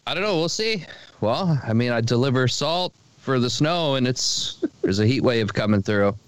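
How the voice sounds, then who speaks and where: A man's voice: medium pitch, lively intonation, moderate pace, smooth, no room sound, poor audio. A man chatting on a casual podcast, joking and self-mocking in a laid-back way. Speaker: podcast co-host. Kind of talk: casual chat.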